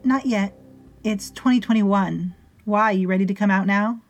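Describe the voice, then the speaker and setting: A woman voicing a brisk, unflappable witch who speaks up with sharp, loud exclamations. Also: medium pitch, faint music behind, close to an everyday voice. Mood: breezy.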